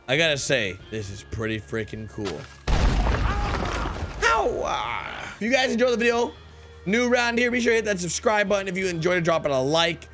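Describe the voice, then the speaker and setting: A young man giving excitable gameplay commentary, calling out to his viewers and exclaiming at what he finds. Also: high-pitched, a little slow, long pauses, music in the background. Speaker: gaming YouTuber.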